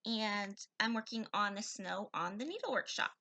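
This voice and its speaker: A woman co-hosting a casual stitching chat, playful and teasing, quick to joke. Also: medium pitch, animated, bright, forceful tone. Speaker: co-host of a stitching show.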